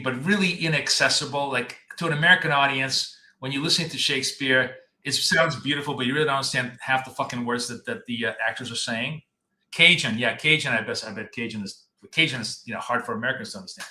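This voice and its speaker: Speaking in a bright, forceful mid-range voice, this man runs a live trading stream as a coach and host. He rambles casually and addresses his viewers directly, and the room around him echoes.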